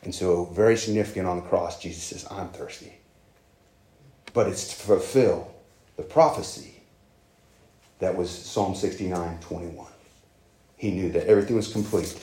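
A man's voice: low-pitched, warm tone. Earnest preaching man in an echoey room. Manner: earnest, conversational preaching with emphatic rises. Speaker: pastor. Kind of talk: sermon.

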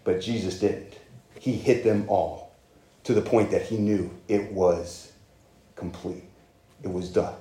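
A man's voice: low voice, steady tone, takes it slowly, pauses often, mellow. Earnest preaching man in an echoey room. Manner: earnest, conversational preaching with emphatic rises. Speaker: pastor. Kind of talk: sermon.

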